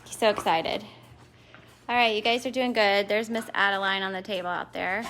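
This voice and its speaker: A woman's voice: steady tone, normal speed, a bit bright. Woman, home dog breeder, casual live chat, coos at the dogs, phone mic, faint hiss. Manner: chatty, talks to her dogs in a high coaxing voice.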